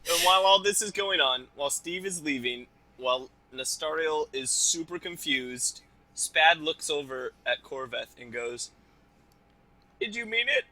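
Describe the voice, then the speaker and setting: A man playing in a tabletop game, describing his character's actions in an animated, playful way. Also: on the high side, normal speed, rough recording. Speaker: player. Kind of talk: casual tabletop game play.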